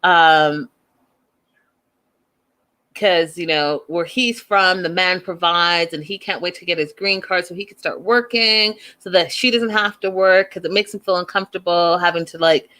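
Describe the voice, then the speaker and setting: A woman's voice: lowish voice, unhurried, pushed and bright. A woman hosting a casual show recap, chatty and opinionated, who acts out the people she quotes in a raised voice. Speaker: host recapping a reality show.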